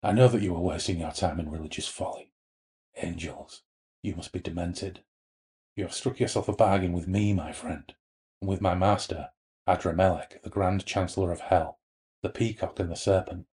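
A man reading aloud from a horror novel, voicing a sinister ancient male demon in a throaty, low, quiet and menacing way. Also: steady tone, normal speed, natural voice.

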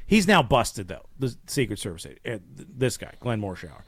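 A man's voice: fairly low pitch, brisk, dry recording. A man co-hosting a podcast, retelling a behind-the-scenes story in casual chat and acting out the quotes. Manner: animated retelling with acted-out quotes. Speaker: podcast co-host.

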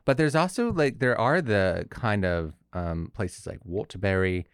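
A man's voice: on the low side, animated, measured pace, smooth, no echo, studio quality. A young man from Connecticut co-hosting a podcast, chatting casually and often restarting his sentences mid-thought. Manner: rambling, self-interrupting. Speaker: podcast host. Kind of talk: casual chat.

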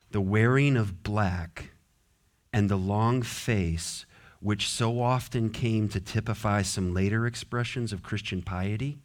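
A man preaching a sermon as pastor in a church, dropping to soft low asides and rising to loud, drawn-out exhortation. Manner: emphatic, drawn-out stressed words. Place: church sanctuary.

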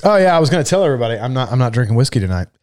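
A man's voice: medium pitch, big pitch swings, rapid-fire, a little mellow. A young man co-hosting a live stream, chatting casually in laid-back, profane banter while getting over a mild sinus infection. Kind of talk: casual chat.

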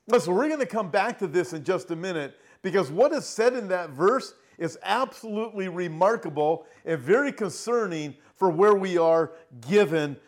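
A middle-aged man preaching an earnest prophecy sermon, slowing down and rising in pitch as he reads scripture aloud. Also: animated. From Southern California. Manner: earnest, emphatic, slows down and rises when reading scripture.

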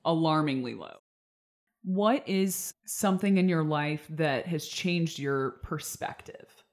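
Low-voiced chatty woman in her twenties. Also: slow. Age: 20s. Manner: chatty, reflective, laughs often. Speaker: podcast host. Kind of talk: casual podcast conversation.

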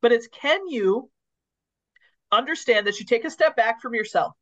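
A woman on a podcast talks through leadership in a lively, storytelling way, slipping into the voices of the people she quotes. Her voice sits a touch high. The audio is dull and muffled, like a lo-fi recording. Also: moderate pace. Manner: animated storyteller who acts out quoted lines. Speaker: podcast co-host. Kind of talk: casual conversation on leadership.

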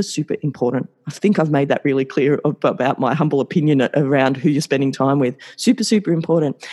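A man's voice: a little high, mellow, breathy edge. A man hosting a solo podcast, talking in an upbeat, effusive and motivational way and repeating words for emphasis. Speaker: podcast host.

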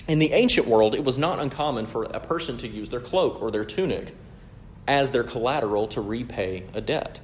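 A man's voice: lowish voice, moderate pace. A man preaching an expository sermon in an emphatic, explanatory way, often checking in with "right?".

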